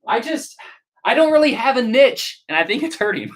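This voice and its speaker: A woman's voice: fairly high pitch, sing-song, moderate pace. A woman hosting a casual live stream while building a bike, chatting with viewers in a teasing way and laughing often.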